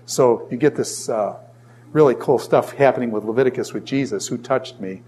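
A middle-aged man with a mid-range voice teaches a Bible class at a moderate pace. His classroom lecture is lively, as he asks questions, answers them himself, and tells animated stories full of jokes and asides.

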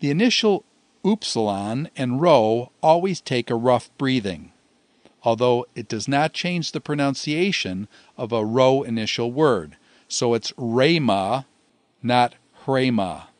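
A man teaching a recorded lesson at an unhurried, deliberate pace, going through each rule one step at a time. His voice is close and dry, with no room sound around it. He has a middle-range pitch. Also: expressive, no room sound. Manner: slow, methodical, explains step by step. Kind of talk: recorded lecture.

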